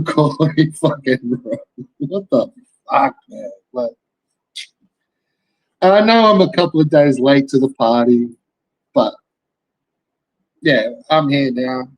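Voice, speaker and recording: A man's voice: on the high side, no room sound, poor audio. An Australian man, a young adult, ranting in casual commentary, swearing constantly and rambling through rhetorical questions. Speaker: commentary streamer.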